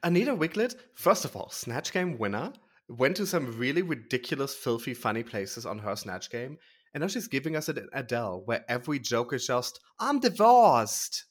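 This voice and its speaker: A man co-hosting a podcast in casual chat, animated and emphatic, full of "like". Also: medium pitch, brisk. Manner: animated, emphatic, heavy use of "like". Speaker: podcast co-host.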